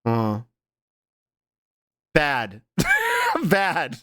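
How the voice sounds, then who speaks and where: A man streaming live and chatting casually with his viewers, animated and laughing loudly, now and then slipping into quick character voices. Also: mid-range voice, no echo, clean studio sound.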